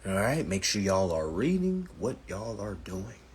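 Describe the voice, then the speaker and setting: Very husky, animated man. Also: sits low, measured pace. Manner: animated, profane storytelling, addresses viewers as family. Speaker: live stream host. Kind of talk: casual live-stream talk.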